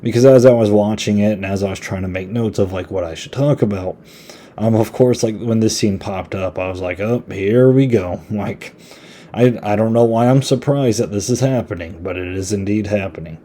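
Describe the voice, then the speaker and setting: A man's voice: lowish voice, fairly quick, warm tone. A man hosting a podcast, giving a casual, rambling horror movie review in a laid-back, chatty way. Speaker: podcast host.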